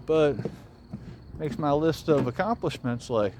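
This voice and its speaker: In a slightly high, somewhat mellow voice, unhurried and lively in intonation, a young vlogger with a Southern accent muses aloud while strolling a city street. He talks to his phone and swears casually, with traffic faintly audible around him.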